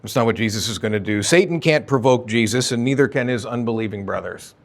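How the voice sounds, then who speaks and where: A man's voice: on the low side, quick pace. A male pastor preaching an expository sermon in a conversational way, often asking rhetorical questions.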